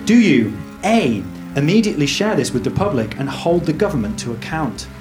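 A man hosting a jokey quiz at a live show, with a deadpan, mock-apologetic delivery. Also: on the high side, fairly quick. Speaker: comedy show host. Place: live venue. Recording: echoey room with loud music.

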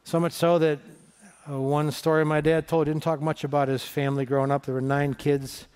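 A man's voice: fairly high pitch, flat delivery, brisk, a little mellow, clear, resonant tone. A middle-aged man from northeast Ohio preaching a sermon in a conversational, storytelling way, asking the congregation questions. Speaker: pastor.

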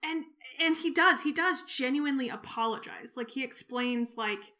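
A woman co-host with a bright, fairly high voice, chatting earnestly on a podcast. She reads book passages aloud slowly and carefully, and comes across as openly emotional. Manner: earnest and emotional, slow and careful when reading. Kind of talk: casual chat and reading aloud from a book.

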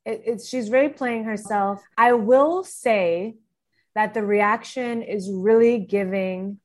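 A woman's voice: mid-range voice, slow pace, darkish tone. A woman co-hosting a podcast in casual chat, candid and talkative. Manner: candid, chatty, reads out posts. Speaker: podcast co-host.

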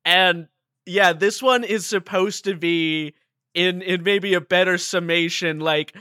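Laid-back joking man in podcast chat with a high, unhurried voice. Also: steady tone, bright, forceful tone, smooth, no room sound, clean studio sound.

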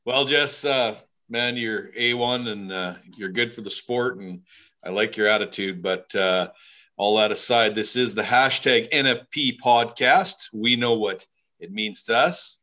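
A man's voice: fairly low pitch, a little slow, bright, forceful tone. A man co-hosting a podcast, chatting with a guest in a friendly, folksy, rambling way. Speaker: podcast co-host. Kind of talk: casual podcast interview.

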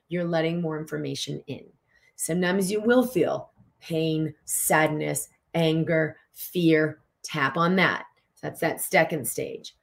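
Animated woman teaching tapping live. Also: low voice, a little slow, vocal fry. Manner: animated, emphatic, conversational with fillers. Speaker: tapping coach. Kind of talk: live online teaching session.

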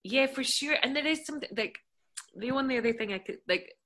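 Woman on a zoom chat, bright voice, warm and chatty, laughs a lot. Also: sits high, expressive, a little fast. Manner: chatty, thoughtful, laughs easily. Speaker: guest actress. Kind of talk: casual video-call interview. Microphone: video call.

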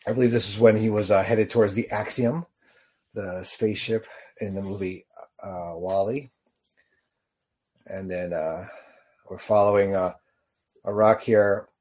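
A man giving casual reaction commentary on a short film, rambling and halting with lots of fillers. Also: lowish voice, fairly even intonation, a little mellow. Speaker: video reactor.

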